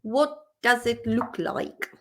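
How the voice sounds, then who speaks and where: A woman's voice: fairly high pitch, steady tone, takes it slowly, fairly bright tone. A woman from the in her thirties, an English teacher chatting casually and emotionally, laughing and swearing as she goes through vocabulary. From Czech Republic. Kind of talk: casual vlog-style study session.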